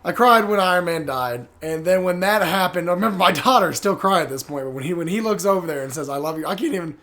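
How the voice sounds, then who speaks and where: A man's voice: high-pitched, animated, quick pace, a bit bright. A man co-hosting a casual movie talk stream, talking emotionally and repeating himself. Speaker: movie podcast co-host. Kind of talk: casual chat reacting to a movie.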